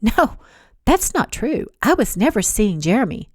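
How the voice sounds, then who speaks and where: A woman voicing an indignant young woman who shouts in a high, shrill voice during a storybook romance reading. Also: very animated, unhurried, slightly rough, no echo, studio quality, exaggerated voice.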